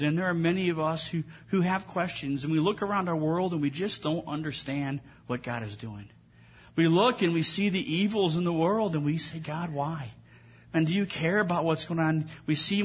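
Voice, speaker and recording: A man's voice: medium pitch, breathy edge. A man preaching a sermon as pastor, telling stories in a conversational way with frequent restarts.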